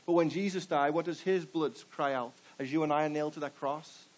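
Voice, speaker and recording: The audio is rough as a pastor addresses a live church congregation, speaking a little high and a little fast. His sermon leans on rapid rhetorical questions meant to draw answers back from the pews.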